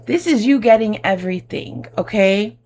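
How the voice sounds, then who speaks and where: A woman's voice: mid-range voice, normal speed, a little mellow, slight background noise. A woman giving an effusive, emotional tarot reading to her viewers, calling them babe and my love. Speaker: tarot reader.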